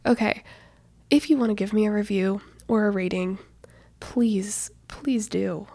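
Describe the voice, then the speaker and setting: A woman's voice: mid-range voice, measured pace, gravelly, mellow, dry recording. A woman in her twenties hosting her own podcast in casual, rambling chat, a bit out of breath and with a stuffy nose. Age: 20s. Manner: chatty, rambling, lots of "like" and "you know". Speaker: podcast host.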